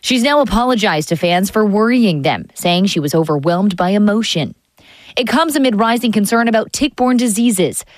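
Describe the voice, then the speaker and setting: A woman news anchor reading scripted health news in a measured, even way. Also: medium pitch, no echo.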